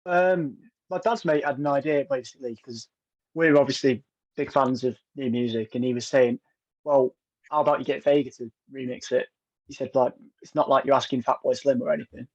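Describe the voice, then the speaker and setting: A man's voice: medium pitch, fairly even intonation, fairly quick, darkish tone, dry recording. Chatty young man, dry muffled sound. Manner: chatty storyteller, uses local slang. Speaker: band member guest. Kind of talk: casual interview. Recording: dry, slightly dull sound.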